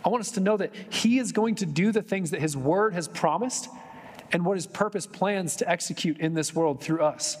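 A man's voice: sits high, moderate pace, long reverb tail. A male pastor preaching a sermon in a church, talking conversationally with joking asides and building to impassioned emphasis. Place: church sanctuary.

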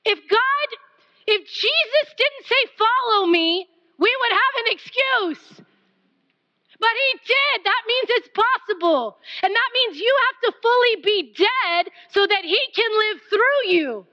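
A woman's voice: extremely high pitch, animated, takes it slowly. Lady preaching, passionate, drops to whispers, kinda muffled recording. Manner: passionate, pleading, varies from loud to near whisper. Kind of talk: sermon.

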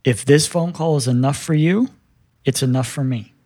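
A man in his fifties tells a personal story in a relaxed interview, speaking earnestly and voicing each side of the conversation. His voice sits in a middle pitch. The sound is dry and close, with no room echo. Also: normal speed, slightly rough. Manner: earnest, quotes dialogue as he tells it. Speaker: guest telling his story.

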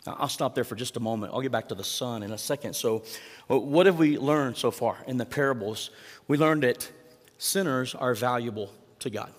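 A man's voice: medium pitch, fairly quick, in a large hall. A man preaching a sermon in a conversational way, asking the congregation rhetorical questions. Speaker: pastor.

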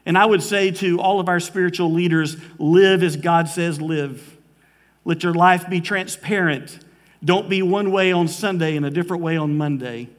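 A male pastor delivering an earnest sermon in a church, slowing down for emphasis and growing emotional at times. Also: high-pitched, big-room sound. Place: church sanctuary. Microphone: live preaching mic.

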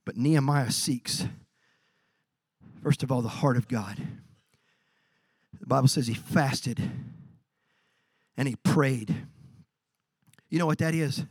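A man preaching a sermon as pastor, animated, acting out quoted voices and swinging from quiet lines to shouts. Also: mid-range voice, slow, long pauses, breathy edge, no room sound, clean studio sound. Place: church.

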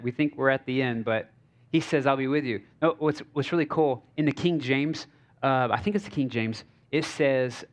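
A man preaching from a church stage in a loose, chatty way. He jokes, drops fillers like "like" and "uh," and keeps asking the crowd if they follow him. His pitch sits in an ordinary middle range for a man. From United States. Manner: casual and joking, with many fillers and checks on the crowd. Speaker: pastor. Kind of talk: conversational sermon.

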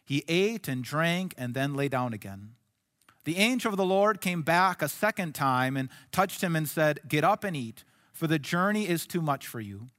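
A male pastor preaching a sermon in an earnest way, dropping to soft, hushed lines and then rising to emphatic ones. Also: on the high side, expressive, moderate pace, long reverb tail.

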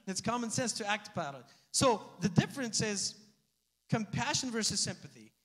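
A man with a high voice delivers a conversational sermon, mixing teaching with casual asides and chuckles. His voice rings out with a long reverb, as in a large hall. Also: moderate pace. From Slavic family background. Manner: animated, conversational preaching with asides and laughs. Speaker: pastor.

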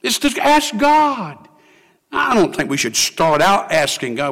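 An older man preaches, his voice riding high and swinging widely as he acts out the prayers of his flock. A long reverb from the church sanctuary trails after every phrase. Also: huge pitch swings, unhurried, fairly bright tone. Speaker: pastor. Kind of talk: sermon.

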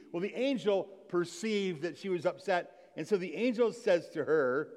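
A man's voice: high-pitched, animated, moderate pace, few pauses, darkish tone. A man preaching a Christmas Eve sermon, talking casually and reading scripture aloud with rising emphasis, asking the congregation questions. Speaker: pastor. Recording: long reverb of a large hall.

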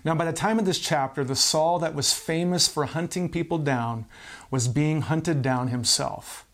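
A man's voice: on the high side, normal speed, fairly bright tone. A male pastor giving a podcast sermon, explaining and reading scripture in an earnest way.

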